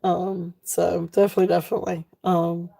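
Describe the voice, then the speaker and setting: A woman's voice: on the low side, flat delivery, fairly quick, gravelly, mellow. A woman hosting a live online jewelry sale from home, talking to her viewers in a rambling, heartfelt way with many fillers. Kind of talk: casual live-stream chat to viewers.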